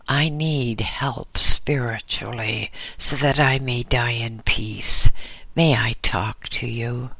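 A man's voice: medium pitch, fairly even intonation, gravelly, bright, forceful tone, no room sound, full character voice. A man reading the part of a sick, dying male silversmith who speaks in a weak, bitter voice. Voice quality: weak, faint voice. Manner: bitter, halting.

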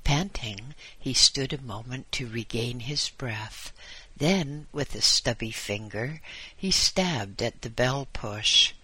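A male audiobook narrator reads at an unhurried, deliberate pace. His voice is bright and slightly husky, and every phrase is placed with care. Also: medium pitch. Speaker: audiobook reader. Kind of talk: scripted narration.

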